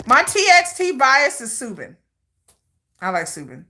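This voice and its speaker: A woman hosting a livestream in casual chat, rambling and animated and laughing often. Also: sits high, unhurried. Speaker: livestream host.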